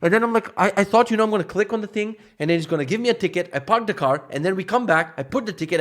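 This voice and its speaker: A man's voice: fairly high pitch, fast. Exasperated, profane man ranting. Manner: exasperated, profane, animated storyteller. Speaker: vlogger. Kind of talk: casual rant storytelling.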